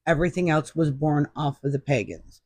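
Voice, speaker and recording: A middle-aged woman speaks as a podcast guest, telling a personal story with lively emphasis. The recording is dry and close, with no room sound. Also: low-pitched, fairly quick, breathy edge, dry recording.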